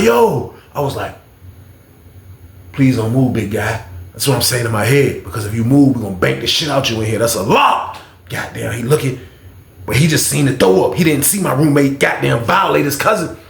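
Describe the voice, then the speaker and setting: Male storyteller, fry in the voice, roomy sound, loose and animated retelling. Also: medium pitch, normal speed. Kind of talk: casual storytime monologue.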